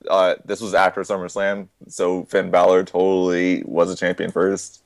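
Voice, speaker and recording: Deep gravelly man, dry and close. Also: monotone, normal speed, few pauses, no echo. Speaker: podcast co-host. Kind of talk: casual chat.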